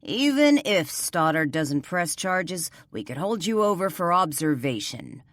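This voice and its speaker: A woman's voice: on the low side, very animated, a little slow, no echo, studio quality. A woman doing a cold, threatening cop. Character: hard-nosed male police officer, threatening.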